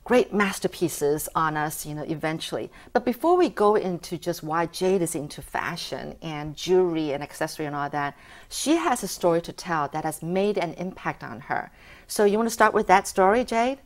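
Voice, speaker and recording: A woman's voice: lowish voice, expressive, moderate pace. A woman hosting an interview in a filming studio. She talks in a chatty way, with lots of "you know" and "uh" fillers. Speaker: interview host. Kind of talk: interview chat.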